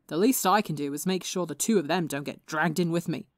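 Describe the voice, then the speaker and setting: A woman's voice: low voice, brisk, no room sound, clean studio sound, close to an everyday voice. A woman voicing a hot-tempered, tired young man who talks in a snappish, profane way. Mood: angry.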